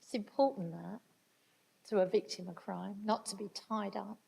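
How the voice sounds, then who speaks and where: Older woman, mid-pitched, earnest and reflective, sharing her story with a room. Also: steady tone, normal speed, vocal fry, warm tone, breathy edge, low-quality recording. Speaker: speaker at a talk on restorative justice. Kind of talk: storytelling talk to an audience.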